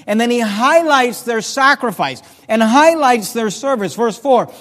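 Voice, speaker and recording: A man's voice: high voice, lively intonation, moderate pace, hardly any pauses. A man preaching a sermon as pastor, reading scripture aloud with rising emphasis. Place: church sanctuary. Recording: reverberant church hall.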